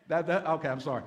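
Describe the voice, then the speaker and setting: A man's voice: fairly high pitch, fairly bright tone. A man, a pastor preaching a Bible-teaching sermon in a folksy way, with humorous asides.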